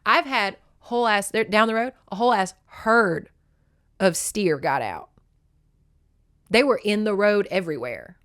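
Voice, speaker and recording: A young woman hosting a podcast, telling a rural story in a blunt, animated, swear-heavy casual way. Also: mid-range voice, measured pace, dry recording, studio quality. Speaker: podcast host.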